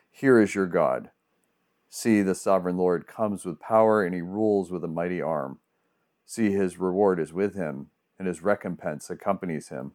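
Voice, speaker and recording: Man, pastor, very low voice, earnest sermon podcast, conversational. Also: darkish tone. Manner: earnest, conversational with restarts when preaching. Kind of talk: sermon podcast, scripture reading and preaching.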